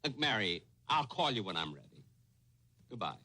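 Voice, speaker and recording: A man acting in a 1950s TV sitcom as a fussy, deadpan tourist who counts and hesitates aloud. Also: fairly low pitch, moderate pace, noisy background. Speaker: comedian playing himself as a tourist.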